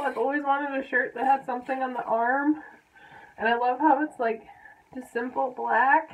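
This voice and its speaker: A young woman in an excited unboxing vlog, giddy and squealing, laughing and near tears. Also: sits high, moderate pace, rough recording. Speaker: vlogger.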